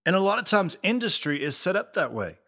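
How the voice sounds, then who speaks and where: A man hosting a faith talk, telling a story in a lively, conversational way with casual fillers. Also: sits high, fairly quick. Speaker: faith podcast host.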